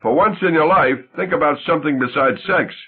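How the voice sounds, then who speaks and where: A man playing a shy, deadpan, husky grown man. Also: fairly high pitch, fairly quick, pitched above the performer's own voice. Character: shy, odd grown man, dry and self-mocking. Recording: tinny phone-like sound.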